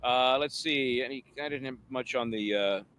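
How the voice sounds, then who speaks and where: A man with a mid-range voice, speaking at normal speed, co-hosts a casual discussion of a court trial as a legal commentator. He's chatty and wry, acting out what others said in animated voices.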